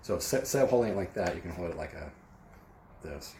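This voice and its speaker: A man chatting casually at home, explaining a gadget step by step in a laid-back, low-key way. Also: expressive, fast, darkish tone. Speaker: vlogger. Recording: echoey room with background noise.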